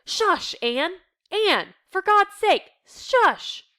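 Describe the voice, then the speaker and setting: A woman reading a play aloud, voicing an irritable, exasperated middle-aged man in a sharp, scolding way. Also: sits high, big pitch swings, normal speed, voice pushed up, exaggerated voice. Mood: furious.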